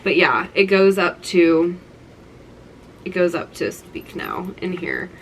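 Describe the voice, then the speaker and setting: A woman's voice: lowish voice, expressive, slow pace, a little hiss or hum, low-quality recording. A young woman in her twenties talking through a keepsake collection, gushing and nostalgic, with lots of "like". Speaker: vlogger. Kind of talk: casual show-and-tell vlog.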